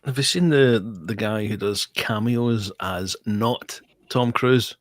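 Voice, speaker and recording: Relaxed sweary male guest. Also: fairly low pitch, takes it slowly, no room sound. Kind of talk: casual chat.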